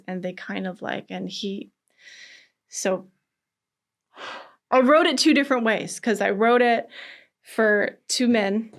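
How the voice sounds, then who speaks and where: A woman guest in a casual interview, telling animated stories, acting out quotes, laughing often. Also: medium pitch, slow pace, pauses often.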